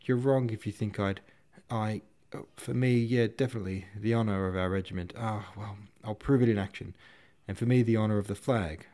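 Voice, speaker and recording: A man's voice: on the low side, steady tone, fairly quick, mellow, natural voice. A man doing a flustered, stammering young count. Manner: stammering, imploring.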